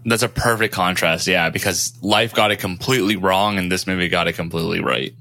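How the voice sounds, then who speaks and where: Deep-voiced agreeable podcast co-host. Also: male voice, fairly even intonation, brisk, pushed and bright. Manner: agreeable, short affirming replies. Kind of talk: casual film chat.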